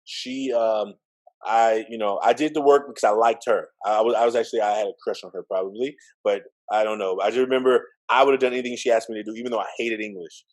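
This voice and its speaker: A middle-aged man telling his life story in a relaxed interview, acting out the voices of the people he quotes. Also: fairly low pitch, fast, low-quality recording. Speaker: interview guest, educator. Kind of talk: storytelling in conversation.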